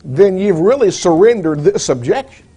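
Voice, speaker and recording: A man preaching a sermon in a measured, deliberate way, posing rhetorical questions to the congregation. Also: high voice, lively intonation, mellow, husky.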